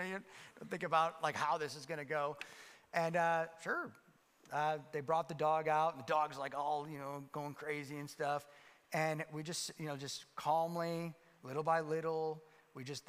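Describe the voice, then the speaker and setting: A man's voice: on the high side, fairly bright tone, clean tone. A man preaching a sermon as pastor, telling stories in a loose conversational way with many fillers and restarts. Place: church sanctuary. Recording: long hall reverb.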